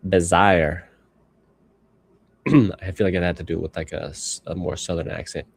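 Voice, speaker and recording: A man's voice: deep voice, steady tone, quick pace, creaky, a little mellow, slightly rough. A man in his thirties streaming live as he edits photos, rambling and talking to himself while he works. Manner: rambling self-talk, musing aloud. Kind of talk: casual livestream commentary while working.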